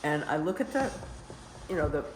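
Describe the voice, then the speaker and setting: A woman's voice: deep voice, lively intonation, normal speed, background noise. Older woman spinning rambling stories. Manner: rambling, full of "you know" asides. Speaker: storyteller guest. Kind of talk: casual storytelling. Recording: roomy echo.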